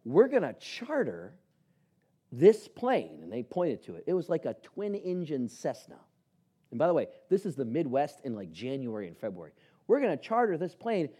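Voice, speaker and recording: A pastor with a slightly high, husky voice preaches a sermon built on personal stories. He's an animated storyteller, acting out the dialogue within them.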